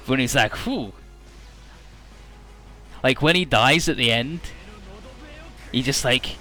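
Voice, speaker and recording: A man giving casual, rambling gameplay commentary in a low-key, mumbly way. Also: measured pace, long pauses, bright, forceful tone, soft background music. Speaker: let's play host.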